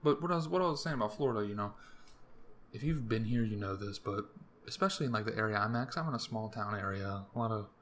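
A young man from the US East Coast hosting a podcast alone, rambling through profane, jokey rants with sudden jumps in pitch. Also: lively intonation, quick pace, a bit bright. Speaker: podcast host. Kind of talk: casual solo rambling monologue.

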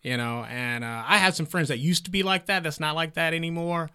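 A man who is a stand-up comedian, a guest telling relaxed stories in a casual chat. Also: fairly high pitch, brisk, smooth. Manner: relaxed anecdotal storyteller, acts out quotes.

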